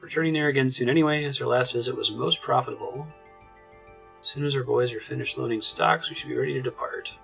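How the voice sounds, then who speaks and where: A man voicing a gruff male pirate ship captain while reading game dialogue aloud. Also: mid-range voice, fast talker, fairly bright tone, faint music behind. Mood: stern.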